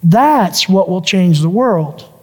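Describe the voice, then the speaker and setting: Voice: medium pitch, animated, slow pace, darkish tone, big-room sound. A pastor preaching a sermon who builds each point through repeated lists and phrases.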